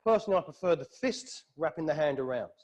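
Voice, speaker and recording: A man with a British accent teaching a yoga class, calling out poses and breaths in a calm, steady rhythm. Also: on the high side, fast talker, dull audio. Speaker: yoga instructor. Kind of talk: guided yoga class cues. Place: hot yoga studio.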